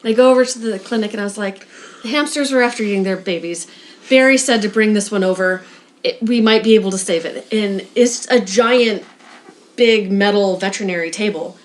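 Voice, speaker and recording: A woman telling a story in casual chat, animated and slipping into voices for the people in it. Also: mid-range voice, a little fast. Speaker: guest storyteller.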